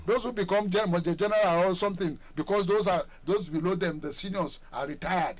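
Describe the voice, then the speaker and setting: Forceful high-voiced Nigerian man on radio. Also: a little fast. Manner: forceful, rhetorical, repeats challenging questions. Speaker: radio talk show panelist. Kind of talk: heated studio discussion.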